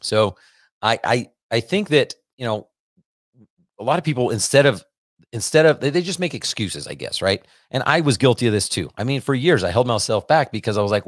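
A man's voice: mid-range voice, lively intonation, brisk, dry recording, clean studio sound. A man hosting a business podcast, talking casually and energetically, often repeating himself. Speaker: podcast host and business coach. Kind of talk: casual monologue.

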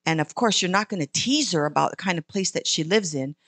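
A woman voicing a patient mother in a children's story, speaking in a calm, reassuring way. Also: lowish voice, fairly quick, dry recording. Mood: gentle.

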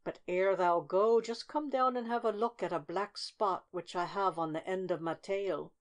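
A woman voicing a sly, wily old male fox who speaks smoothly and flatteringly. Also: mid-range voice, normal speed, natural voice.

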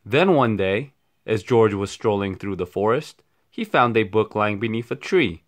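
A man reading a picture book aloud for children at a steady, expressive pace. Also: fairly low pitch, measured pace. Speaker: storyteller. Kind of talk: children's read-aloud storytime.

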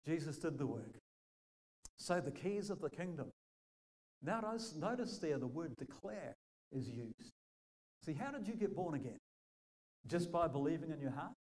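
Lively storytelling preacher man. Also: a little high, normal speed, long pauses, poor audio. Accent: New Zealand. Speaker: pastor. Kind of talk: sermon.

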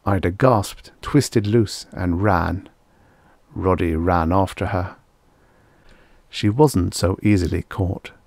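A man with a lowish voice reads a vintage science fiction story aloud in a measured storytelling manner. The recording is dry and close, with no room sound. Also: creaky, darkish tone, no echo. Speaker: audiobook narrator.

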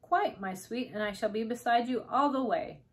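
A woman's voice: on the high side, moderate pace, natural voice. Spirited tiny queen, refined and gracious, voiced by a woman.

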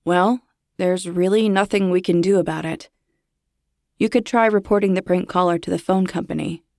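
A woman voicing a calm, firm male police dispatcher in a narrated horror story, speaking in an official, reassuring way. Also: lowish voice, moderate pace, dry recording, clean studio sound, natural voice.

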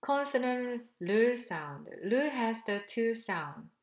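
Slow, deliberate woman teaching pronunciation. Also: on the high side, lively intonation, echoey room. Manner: slow, deliberate, repeating syllables for learners. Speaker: language teacher. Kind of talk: pronunciation drill lesson.

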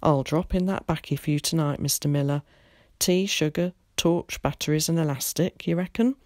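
A woman's voice: steady tone, moderate pace, darkish tone, no room sound, clean studio sound, natural voice. A woman voicing a terse older village man who mutters curtly. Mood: gruff. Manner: curt, low, muttering.

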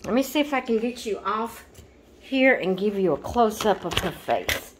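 A woman's voice: mid-range voice, animated, normal speed, slight background noise. A woman chatting in an unboxing video, often cooing baby talk at her dolls. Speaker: doll collector vlogger.

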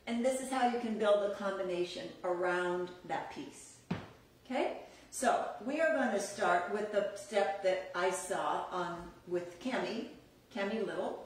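A woman's voice: mid-range voice, a little slow, slight background noise. Upbeat woman teaching dance, echoey and distant. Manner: upbeat, chatty, laughs often. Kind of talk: live online dance class.

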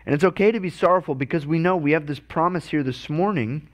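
A man's voice: on the high side, quick pace. A man preaching a sermon as pastor, earnest and often stumbling over and repeating his words.

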